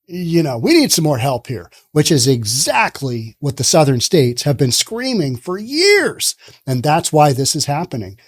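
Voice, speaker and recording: A man's voice: on the high side, dry recording, clean studio sound. Sarcastic ranting man on his podcast. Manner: sarcastic, ranting, mocks others in put-on voices. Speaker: podcast host. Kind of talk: opinion podcast commentary. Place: based in the Pacific Northwest.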